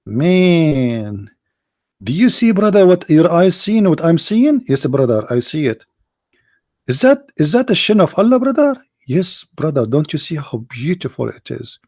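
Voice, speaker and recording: A man voicing awestruck male devotees who gush to each other in hushed, mock-reverent tones. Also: fairly high pitch, sing-song, unhurried, no room sound, clean studio sound, full character voice. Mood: awed hushed.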